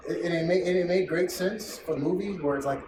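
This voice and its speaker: A man hosting a casual podcast chat, talking excitedly and swearing freely, often acting out what others said. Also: fairly high pitch, quick pace. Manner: profane, excitable, quotes people in voices. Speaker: podcast host. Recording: echoey room, distant mic, noisy.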